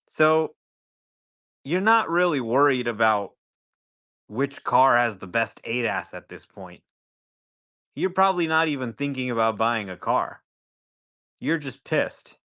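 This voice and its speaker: A man speaking as a guest analyst in a casual podcast discussion, conversational and turning animated when he acts out a scenario. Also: mid-range voice, measured pace, long pauses.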